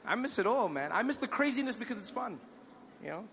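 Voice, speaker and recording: Male stand-up comic, South African accent, fairly high voice, lively delivery, big live venue, handheld mic. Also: quick pace, vocal fry, a little hiss or hum. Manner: animated, switches into voices. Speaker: stand-up comedian. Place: large live performance venue.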